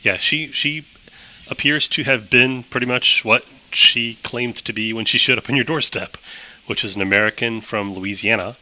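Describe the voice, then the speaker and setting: A man's voice: mid-range voice, moderate pace, bright, forceful tone, rough recording. A man narrating as game master of a tabletop game, chatty, laughing often and using many fillers.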